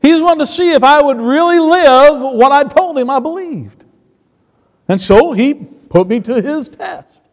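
A man preaching a sermon, shifting between quiet storytelling and emphatic points. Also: very high-pitched, lively intonation, measured pace. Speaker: pastor. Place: church sanctuary. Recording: long reverb of a church hall.

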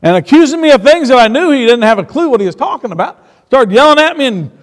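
A man preaching a sermon, shifting between quiet storytelling and emphatic points. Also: very high voice, sing-song, fast talker. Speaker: pastor. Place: church sanctuary. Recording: long reverb of a church hall.

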